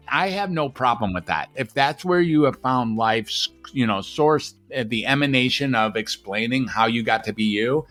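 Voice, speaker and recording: A man's voice: medium pitch, a bit bright. A man who is a psychiatrist, speaking as a guest in a podcast interview, emphatic and rhetorical, repeating phrases for effect.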